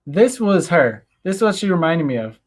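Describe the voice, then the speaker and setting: A man's voice: on the high side, very animated, moderate pace. A man hosting his own show, talking loosely with many fillers and restarts. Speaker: host. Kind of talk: casual solo livestream commentary.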